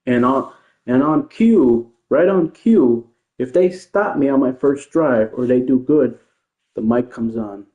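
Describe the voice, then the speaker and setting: A gaming streamer with a mid-range voice rants casually and slowly about his online opponents, rambling, sounding defensive, and repeating himself. The recording has a tinny, phone-like quality in an echoey room.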